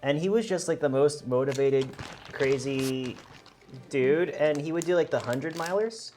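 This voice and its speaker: A man's voice: a little high, a little slow, darkish tone, slight background noise. A man co-hosting a stream, chatting casually and rambling with lots of fillers and restarts. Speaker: stream co-host. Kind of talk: casual chat on a charity stream.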